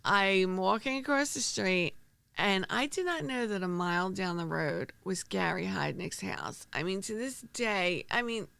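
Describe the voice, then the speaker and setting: A woman, hosting a true crime podcast and telling stories in an animated, rambling way with many restarts. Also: medium pitch, a little slow, creaky, clean tone, dry recording. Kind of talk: casual storytelling.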